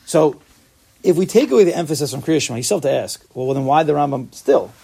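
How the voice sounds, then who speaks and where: Gravelly-voiced man teaching a Talmud class. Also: on the high side, animated, quick pace, warm tone. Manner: explains step by step, asks and answers his own questions.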